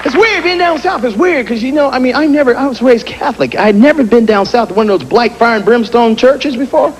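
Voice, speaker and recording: High-voiced, animated male stand-up comic. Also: fast talker, noisy background. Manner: animated, punchy, mimics people. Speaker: stand-up comedian. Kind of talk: stand-up comedy. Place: comedy club stage. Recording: live club, loud crowd and music.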